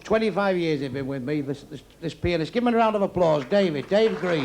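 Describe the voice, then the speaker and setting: On a nightclub stage, an older stand-up comedian rips through a blunt, crude routine and needles his band between bits. He speaks at a normal speed in a fairly high, creaky, expressive voice. Music plays under the loud laughter of the live club audience.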